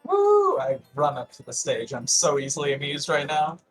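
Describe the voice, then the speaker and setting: A man playing a tabletop game, playful and excitable. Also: medium pitch, a little fast, breathy edge, soft background music, rough recording. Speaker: player.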